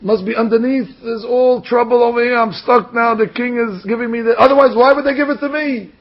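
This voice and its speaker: Guy playing a nervous simple farmer groom, gravelly high voice, raspy, muffled recording. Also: a little fast, full character voice. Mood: worried. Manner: fretful, complaining to himself. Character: anxious humble young farmer groom, a man. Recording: dull lo-fi recording.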